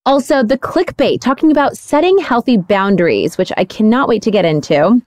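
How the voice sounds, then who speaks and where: A woman's voice: a little high, lively intonation, a little fast, darkish tone, no room sound, clean studio sound. A young woman hosting a casual podcast, bubbly and teasing as she chats with her co-hosts. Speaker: podcast host.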